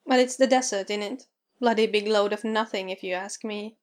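A woman's voice: medium pitch, fairly even intonation, normal speed, close to an everyday voice. A woman doing a blunt cheery driver. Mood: bluff cheer. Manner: blunt, slangy, jolly. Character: gruff cheery male English army driver.

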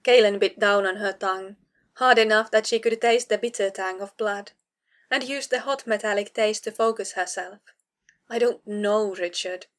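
A woman's voice: medium pitch, fairly even intonation, normal speed, a bit bright. A woman narrating a fantasy novel aloud, reading a tense scene with dramatic weight. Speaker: audiobook narrator.

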